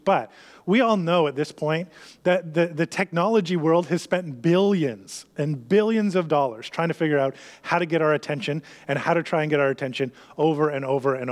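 A man preaching a sermon in an earnest way, often dropping to a soft hush on key lines. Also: fairly high pitch. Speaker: pastor.

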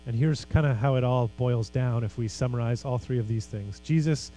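A man's voice: mid-range voice, moderate pace, mellow, slight background noise, rough recording. A man preaching a sermon as pastor, earnest and emphatic, with casual conversational asides.

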